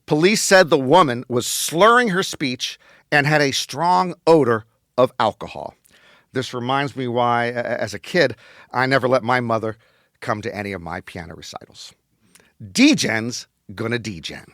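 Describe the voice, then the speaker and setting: A man hosting a show with a scripted comic monologue, wry and deadpan with sudden emphatic bursts. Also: mid-range voice, normal speed, no echo, studio quality. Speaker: host.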